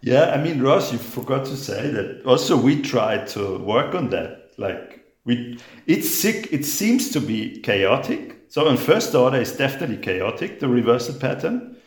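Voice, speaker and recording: A man explaining rock dating as a guest in a conversation, halting and repeating his words with many fillers. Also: medium pitch, big pitch swings, roomy sound. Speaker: geologist guest.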